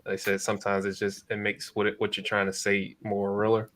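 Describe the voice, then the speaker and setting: A man co-hosting a casual podcast chat, speaking in a relaxed way with frequent hesitations; English is not his first language. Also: fairly low pitch. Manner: relaxed, speaks slowly and evenly, many "uh" fillers. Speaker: co-host, real estate investor.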